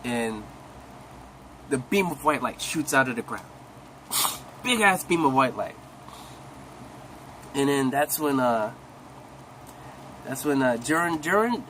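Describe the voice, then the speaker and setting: A young man excitedly retelling an anime episode in a casual, rambling way full of slang, coughing now and then. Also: mid-range voice, measured pace, pauses often, slight background noise, poor audio. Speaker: recap host.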